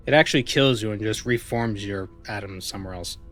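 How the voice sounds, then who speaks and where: A man's voice: fairly low pitch, fairly quick, a bit bright, soft background music. A man streaming a video game, giving casual, rambling commentary and thinking aloud with amusement.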